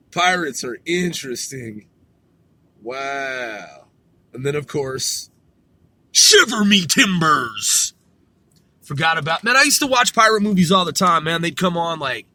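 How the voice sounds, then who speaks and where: A man's voice: on the high side, animated, a little slow, bright, forceful tone. A man hosting a podcast in a casual, rambling monologue, laid-back and profane, chuckling often. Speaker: podcast host.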